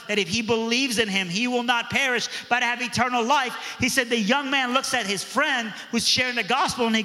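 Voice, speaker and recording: A man preaching a sermon, telling a story in an animated way and acting out the voices of the people in it. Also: high voice. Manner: animated, acts out quoted voices. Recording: long reverb of a large hall.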